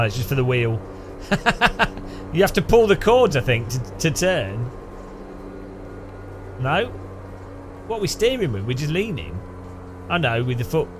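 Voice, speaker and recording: A man's voice: medium pitch, noisy background. A man giving rambling, jokey gameplay commentary, thinking aloud. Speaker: gaming channel host.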